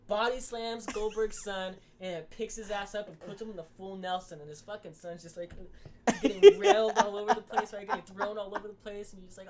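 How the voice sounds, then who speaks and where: A man's voice: high-pitched, brisk, darkish tone. A man co-hosting a casual podcast, ranting with heavy swearing and acting out quotes. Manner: heavily profane, ranting, acts out wrestler quotes. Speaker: podcast co-host.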